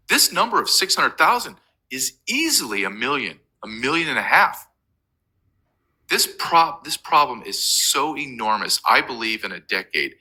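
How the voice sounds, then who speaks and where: Urgent, emphatic man with a lively voice. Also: mid-range voice, low-quality recording. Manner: urgent, emphatic, with many restarts. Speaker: interview guest. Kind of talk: impassioned remote interview.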